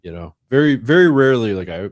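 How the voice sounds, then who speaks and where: A man's voice: medium pitch, sing-song, fast, no echo, clean studio sound. A man co-hosting a podcast in casual, earnest chat. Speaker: podcast co-host.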